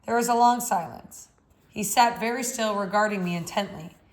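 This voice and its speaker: A woman reading a novel aloud, unhurried and reflective in her first-person narration. Her voice sits at a middling pitch for a woman, steady and plain. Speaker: audiobook reader.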